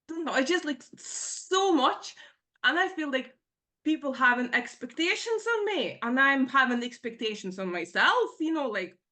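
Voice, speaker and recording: A middle-aged woman with a slightly high voice tells her own story in a Q&A session. She rambles and halts, leaning on "you know, like" fillers. Her delivery carries nervous emotion. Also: fairly bright tone. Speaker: participant in a Q&A session. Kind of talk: personal account in a spiritual Q&A.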